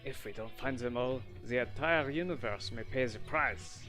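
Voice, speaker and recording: Brief: earnest game hero, clumsy put-on accent, read by a man, somewhat high. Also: moderate pace, soft background music, natural voice.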